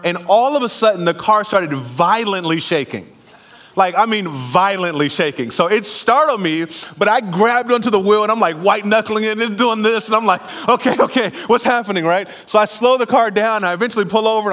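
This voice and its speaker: A man preaching a sermon in church, telling a lively personal story with laughter before calling the congregation to respond. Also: high voice. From California. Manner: animated storytelling, laughing at himself, then preaching and calling for amens. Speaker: pastor. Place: church sanctuary.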